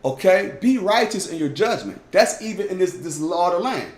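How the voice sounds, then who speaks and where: A man's voice: high-pitched, big pitch swings, moderate pace. Emphatic preacher man in an echoey room. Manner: emphatic, repeats "y'all", swings from loud to hushed. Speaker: teacher leading a Bible study. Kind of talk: informal Bible teaching.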